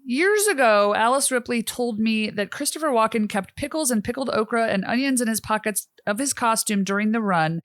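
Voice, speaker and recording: A woman hosting an interview, setting up her questions clearly and steadily. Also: fairly high pitch, a bit bright, no echo. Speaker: interview host.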